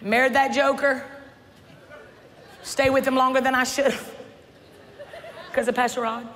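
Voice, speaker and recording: A woman in her forties preaches with a high voice, mixing jokes with shouted calls. Her delivery is animated and loud. A long church-hall reverb carries her voice over a faint crowd. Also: unhurried, a little hiss or hum. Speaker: pastor. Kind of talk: sermon.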